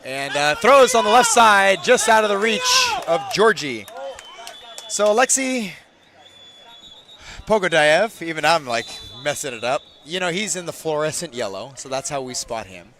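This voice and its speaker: A man calling a game from a commentary booth on a booth microphone, joking with his co-host and bursting loud on big plays. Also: on the high side, big pitch swings, normal speed, a little hiss or hum. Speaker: sports commentator. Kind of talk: play-by-play commentary with banter.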